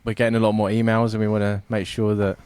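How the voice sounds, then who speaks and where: A man's voice: lowish voice, little pitch movement, fast, a little mellow, clear, resonant tone, no echo. A man from England co-hosting a podcast, telling stories in casual chat, laughing often and swearing freely. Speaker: podcast co-host.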